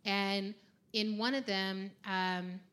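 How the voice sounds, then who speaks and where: A woman writer in a lively conversation, animated and quick to laugh. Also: mid-range voice. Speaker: fiction writer.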